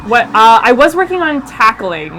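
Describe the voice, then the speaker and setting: A woman playing a game on a live stream, chatting casually with teammates, excitable, laughing often and crying out during play. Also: fairly high pitch, moderate pace, a little hiss or hum, rough recording.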